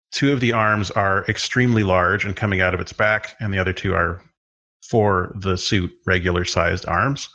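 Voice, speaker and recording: A man narrating as game master of a tabletop role-playing game, describing scenes at an unhurried pace with frequent fillers. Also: lowish voice, sharp tone.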